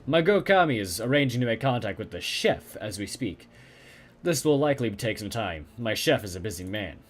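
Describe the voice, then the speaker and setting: A man's voice: lowish voice, very animated, brisk. A man doing an overly courteous café owner. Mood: smooth persuasion. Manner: exaggerated formal, put-on Turkish-style accent. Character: male Turkish café owner, polite, scheming fixer.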